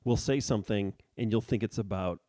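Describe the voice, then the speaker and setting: A man's voice: fairly low pitch, brisk, dark tone, no echo, studio quality. A man co-hosting a casual radio chat, asking clarifying questions with wry asides. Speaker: radio co-host.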